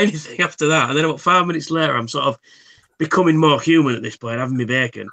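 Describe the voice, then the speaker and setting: A man's voice: on the high side, fast talker, creaky, pushed and bright. A man hosting a casual livestream, telling rambling anecdotes full of swearing and false starts. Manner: rambling storyteller, swears freely, many restarts. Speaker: livestream host. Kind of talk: casual chat.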